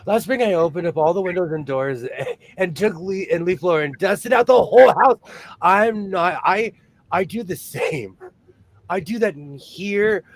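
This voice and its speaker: A man's voice: sits high, expressive, moderate pace. A man hosting a sewing livestream, chatting casually and animatedly, laughing often.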